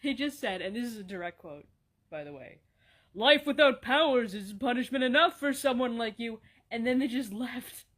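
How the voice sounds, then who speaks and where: Comedy skit voice: woman, somewhat high, dry and sarcastic banter, swears casually. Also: lively intonation, normal speed, fairly bright tone. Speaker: comedy sketch voice performer. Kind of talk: comedic dialogue skit, voicing several characters.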